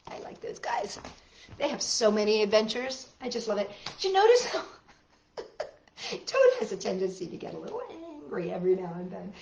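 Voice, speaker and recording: A woman reading picture books aloud for children in an animated, sing-song way, chatting to young listeners between stories. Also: medium pitch, brisk, gravelly, reverberant. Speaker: children's story reader.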